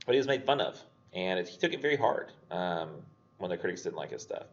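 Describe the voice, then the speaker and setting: A young man teaching English literature delivers a casual recorded lecture in a low-pitched voice, talking quickly with lively intonation. His style is chatty and filler-heavy, with quotes acted out. The highs are cut off.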